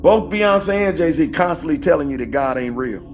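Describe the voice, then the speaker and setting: A man hosting a podcast, giving animated conspiracy commentary in a colloquial, emphatic way and answering his own questions with exclamations. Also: a little high, moderate pace, soft background music. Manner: colloquial, emphatic, talks back to himself with exclamations. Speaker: podcast host.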